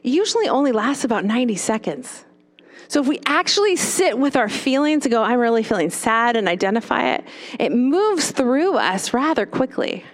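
A woman's voice: high voice, sing-song, moderate pace. A woman, a former children's pastor, giving a storytelling talk to parents, often checking in with "right?". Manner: storytelling with tag questions.

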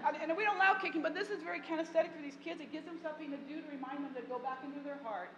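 A woman with a fairly high voice leads a parenting workshop in a reverberant hall. She speaks warmly and encouragingly to the room, throwing in playful asides. A faint wash of ambient noise sits under her voice. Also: very fast. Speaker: parenting class teacher. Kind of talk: workshop talk to an audience.

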